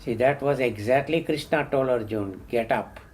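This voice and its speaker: A man's voice: medium pitch, moderate pace, a little mellow. An older man speaking as an activist in an impassioned talk, emphatic, repeating words and rising sharply on his questions. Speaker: Hindu activist.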